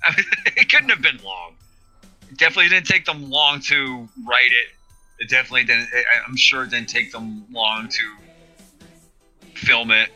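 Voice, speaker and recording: Man, casual co-host, mocking and chatty, with a clear, bright voice. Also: mid-range voice, normal speed, long pauses, soft background music, low-quality recording. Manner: rambling, sarcastic, laughs often. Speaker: podcast co-host. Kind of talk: casual riffing commentary.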